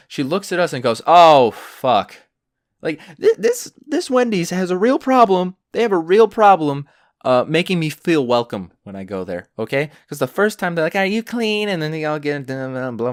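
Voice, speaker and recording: A young man hosting a podcast and telling stories in a rambling, sarcastic way, with lots of fillers, and his pitch jumps when he gets worked up. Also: dry recording, clean studio sound. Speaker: podcast host. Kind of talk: casual solo storytelling.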